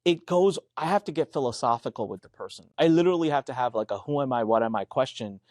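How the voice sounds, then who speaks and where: A man's voice: mid-range voice, animated, quick pace, a little mellow, dry recording, clean studio sound. A man co-hosting a business podcast, telling stories emphatically, acting out quoted dialogue and swearing casually. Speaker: podcast co-host. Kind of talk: animated business podcast chat.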